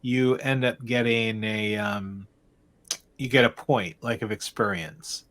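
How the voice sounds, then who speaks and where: A man running a tabletop game as game master, narrating scenes in a meandering, halting way with frequent restarts. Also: fairly low pitch, steady tone, fairly bright tone.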